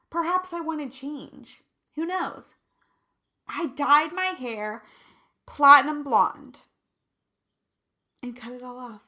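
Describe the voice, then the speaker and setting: A woman's voice: high-pitched, fairly bright tone. A woman in her thirties talking candidly and emotionally to her viewers in a personal vlog. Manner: emotional, candid, drawn-out and reflective. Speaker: vlogger.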